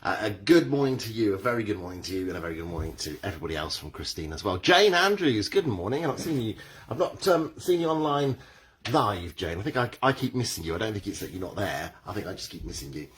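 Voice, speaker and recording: A man's voice: fairly low pitch, sing-song, fast talker, a bit bright, a little hiss or hum. A middle-aged man, leading a live-streamed exercise class and cheerily greeting viewers by name. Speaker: fitness instructor.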